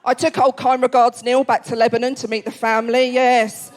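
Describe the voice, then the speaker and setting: A woman's voice: on the high side, level tone, a little fast, slight background noise. A woman in her forties with an Essex accent, doing stand-up comedy in a club, brash, sweary and self-mocking. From England. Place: comedy club, live audience.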